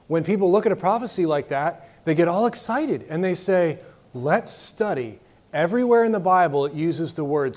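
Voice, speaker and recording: A man's voice: high-pitched, warm tone. Man teaching a Bible class. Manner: conversational, asks the class questions.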